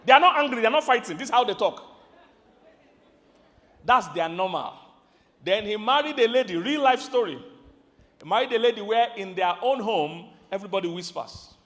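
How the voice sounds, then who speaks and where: A Nigerian-accented man sermonizes about marriage before a crowd in a big hall, and his voice rings with long reverb. His pitch sits high, and he snaps from loud emphatic lines to quiet asides while throwing questions at the listeners. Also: expressive, moderate pace, long pauses. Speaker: marriage preacher. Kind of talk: sermon to a live audience. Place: large hall with an audience. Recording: hall reverb from a large venue.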